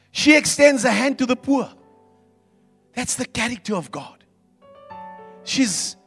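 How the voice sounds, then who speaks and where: A man preaching a sermon, swinging from quiet asides to loud, emphatic preaching. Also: high-pitched, slightly rough, big-room sound. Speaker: pastor.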